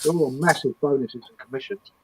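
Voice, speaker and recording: A man's voice: a little high, a little fast, fairly bright tone, breathy edge. A man, chatting in a laid-back way as co-host of a live stream over remote call audio. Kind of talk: casual chat on a live stream. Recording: muffled lo-fi audio.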